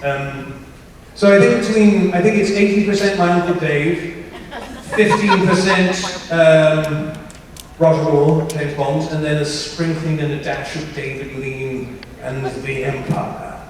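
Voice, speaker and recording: A man's voice: fairly high pitch, fairly even intonation, takes it slowly. A chatty man speaking as an actor on a convention panel, joking and slipping into a posh English voice. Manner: chatty, playful, often slips into a posh English voice. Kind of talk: casual panel talk. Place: large convention hall. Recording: echoey hall from far off, faint noise.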